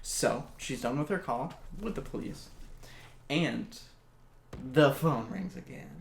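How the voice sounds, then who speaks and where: Gravelly, slow-talking male storyteller. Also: medium pitch. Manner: jokey, laughs at his own asides. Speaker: storyteller host. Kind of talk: casual storytelling. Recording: echoey room, faint hiss.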